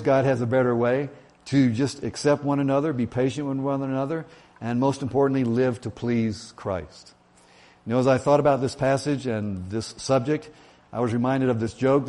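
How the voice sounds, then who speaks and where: A man with a mid-range, slightly mellow voice preaches as a church pastor. During his sermon he tells an old joke in a folksy, self-deprecating manner, full of fillers.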